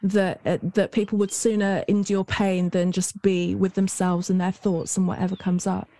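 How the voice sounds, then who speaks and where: A woman's voice: medium pitch, flat delivery, moderate pace, mellow. A woman hosting a podcast interview, asking questions and sharing her own experience in a reflective, casual way. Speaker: podcast host.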